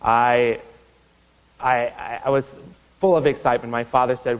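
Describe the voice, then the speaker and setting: Animated man storytelling in a hall. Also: moderate pace, pauses often, clear, resonant tone. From Iowa. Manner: animated, acts out quoted voices with big pitch jumps. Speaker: guest lecturer. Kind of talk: storytelling university lecture. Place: lecture hall.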